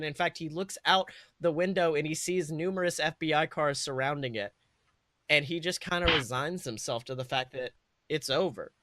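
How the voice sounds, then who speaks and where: A man's voice: on the high side, sharp tone, dry recording. A young man hosting a podcast, rambling through a comedic fan-fiction retelling with fillers and self-corrections. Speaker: podcast host.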